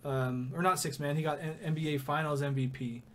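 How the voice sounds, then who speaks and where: Young male podcast co-host, rambly and giggly, slightly high voice, faint noise. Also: steady tone, brisk. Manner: rambling, laughs often. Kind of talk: casual sports chat.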